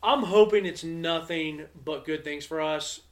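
A man's voice: on the high side, measured pace. A man hosting a casual sports chat, rambling and filler-heavy as he talks. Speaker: podcast host.

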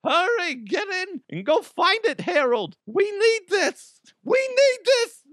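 A man putting on a shrill old woman who eagerly urges her husband on. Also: very animated, slow, fairly bright tone, no echo, clean studio sound, full character voice. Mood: urgent. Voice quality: shrill, high old-lady voice.

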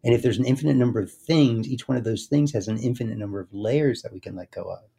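A man speaking as an interview guest in a slow, meditative way, often trailing into soft, quiet chanting. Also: mid-range voice, vocal fry, slightly rough. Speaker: guest, speaker and success coach. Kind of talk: casual interview talk.

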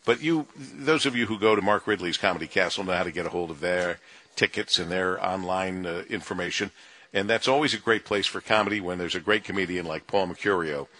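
A man's voice: low voice, a little fast, bright, forceful tone. A male radio talk show host, chatty and friendly, opening an interview with a guest. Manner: friendly, chatty, with frequent fillers.

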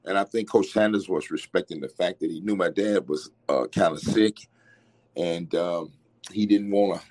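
A middle-aged man, recalling his late father in an interview, halting and restarting often as he talks fondly. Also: low-pitched, darkish tone. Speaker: interviewee, son of the former coach. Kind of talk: reflective interview recollection.

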